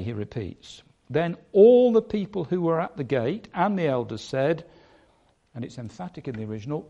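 A man preaching a sermon, emphatic, stressing points by changing his loudness and pace. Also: a little high.

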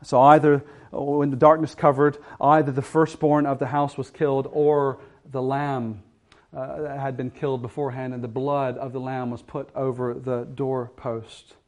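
A man preaching an expository sermon in an earnest voice, moving between quiet, low passages and strong, emphatic ones. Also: level tone, normal speed.

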